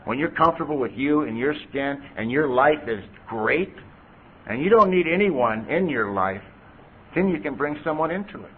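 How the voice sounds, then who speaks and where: A man's voice: fairly high pitch, animated, moderate pace, slightly rough. Candid middle-aged man on old tape. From California. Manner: candid, conversational, frequent "you know". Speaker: AA speaker. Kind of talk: recovery testimony. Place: convention hall podium. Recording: tinny lo-fi tape recording.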